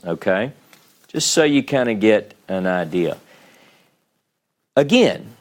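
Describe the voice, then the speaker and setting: Slow, patient man teaching a class. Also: medium pitch, a little mellow. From United States. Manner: patient, explains step by step, frequent "okay?" checks. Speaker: Hebrew teacher. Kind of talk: classroom lecture at a whiteboard. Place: meeting room with a small live class.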